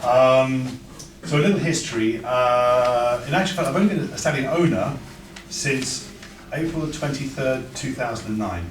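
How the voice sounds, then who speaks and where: A man with a mid-range voice speaks at normal speed, giving a chatty, anecdotal talk at a breeders' event and often stammering into restarts. He addresses an audience in an event room, recorded from a far-off mic in an echoey space with background noise.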